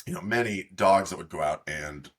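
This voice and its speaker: A middle-aged man co-hosting a podcast, telling a long, halting story in casual chat with many fillers. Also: low-pitched, fairly bright tone. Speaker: podcast co-host.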